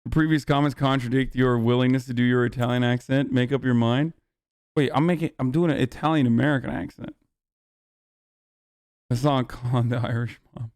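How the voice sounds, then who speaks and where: Brash, profane streamer, crisp dry voice. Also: male voice, mid-range voice, fairly even intonation, a little fast, a little mellow, no echo. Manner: brash, profane, joking asides. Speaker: streamer reacting to clips. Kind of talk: casual live-stream commentary.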